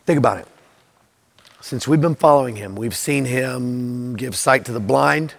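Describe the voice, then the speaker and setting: A man's voice: medium pitch, vocal fry. A man playing an impatient, exasperated male disciple who bickers with his friend, in a comedic skit. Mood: coaxing. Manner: impatient, quick to snap and bicker.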